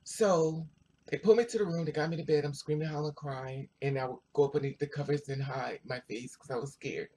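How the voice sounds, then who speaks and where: A vlogger telling a personal story to viewers in a chatty, animated way, full of asides. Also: medium pitch, fast talker, breathy edge. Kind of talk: casual storytelling to camera.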